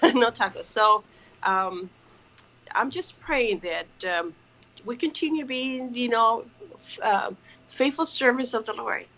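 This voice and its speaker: A woman's voice: fairly high pitch, fairly bright tone. Woman on a video call from her kitchen, earnest, lots of um and you know, muffled lo-fi audio. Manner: earnest, halting, many fillers and restarts. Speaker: ministry partner. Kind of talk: casual video call chat. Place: home kitchen.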